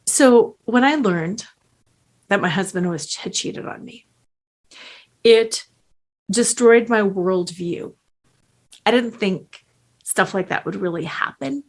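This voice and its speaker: A middle-aged woman coach giving a slow, earnest motivational talk with strong emphasis. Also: mid-range voice, vocal fry, slightly rough.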